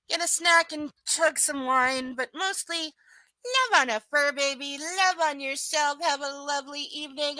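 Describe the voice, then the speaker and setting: A woman with a high, bright voice hosts a casual livestream from home. She drifts between cooing baby talk at her dog and dry sarcasm about the book. The sound is close and dry. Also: no echo, rough recording. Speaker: livestream reader and host.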